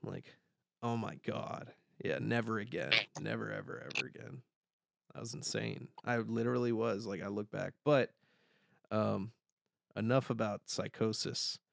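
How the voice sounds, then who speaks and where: A young man hosting a podcast, telling a story in casual chat, animated and swearing, loudly yelling the lines he quotes. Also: lowish voice, unhurried, vocal fry. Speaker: podcast host.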